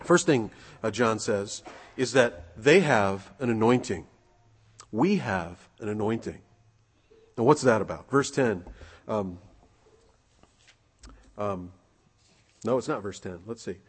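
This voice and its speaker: Husky male preacher in a reverberant hall. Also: on the low side, lively intonation, slow, long pauses. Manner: conversational preaching with rhetorical questions and fillers. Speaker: pastor. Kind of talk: sermon.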